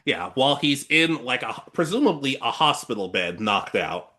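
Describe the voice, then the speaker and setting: A man co-hosting an anime review podcast, joking casually and slipping into quick character voices. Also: medium pitch. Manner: animated, joking, quotes characters in put-on voices. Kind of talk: casual chat.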